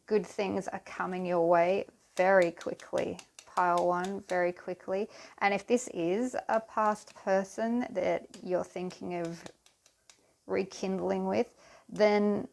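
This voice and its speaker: A woman giving a pick-a-card tarot reading to her viewers, talking in an unhurried, soothing way and speaking to them directly. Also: on the low side, vocal fry.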